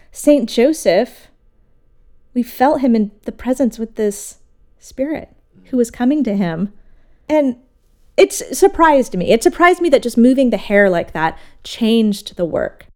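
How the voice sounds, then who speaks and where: A woman sculptor talking in a casual interview, telling stories in an animated way and acting out what others said. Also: fairly high pitch, a little slow. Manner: animated storytelling, acts out quoted voices. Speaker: sculptor, guest.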